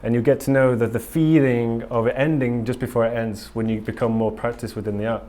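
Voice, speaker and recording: A man's voice: mid-range voice, fairly even intonation, a little fast, dark tone. A man giving a casual conference talk to a live audience in a conference room, earnest and rambling, with frequent ums and restarts. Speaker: conference speaker.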